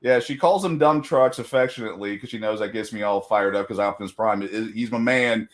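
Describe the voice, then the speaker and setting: A man's voice: fairly low pitch, a little fast. A middle-aged man in casual chat as a guest, talking loosely with many fillers and frequent laughs.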